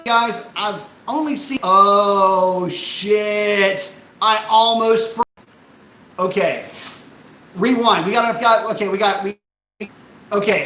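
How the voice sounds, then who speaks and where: On a casual live stream, a high-voiced man rants in an animated, profane, exasperated way while reading chat messages aloud. The audio is poor, with an echoey room and slight background noise.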